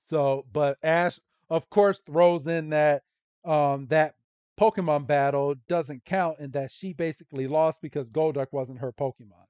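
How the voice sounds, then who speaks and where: A podcast host with a higher-pitched voice casually recaps a cartoon episode and drops into quick character quotes as he goes. The sound is dry and close, though the recording is muffled and lo-fi. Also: fairly even intonation, darkish tone, clear, resonant tone, dry recording. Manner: retells scenes with quick voiced quotes and laughs. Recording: dull lo-fi recording.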